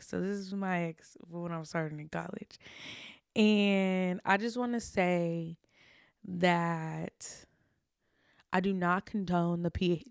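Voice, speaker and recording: A woman's voice: on the low side, creaky, darkish tone, no room sound, clean studio sound. A young adult woman hosting a podcast, telling stories about her own past in a candid, confessional way with casual slang. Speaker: podcast host.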